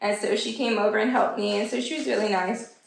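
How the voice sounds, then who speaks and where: A woman vlogger telling a story in a chatty, animated way and acting out the people she quotes in a much higher voice. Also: quick pace, creaky. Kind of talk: casual storytelling vlog. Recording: echoey room.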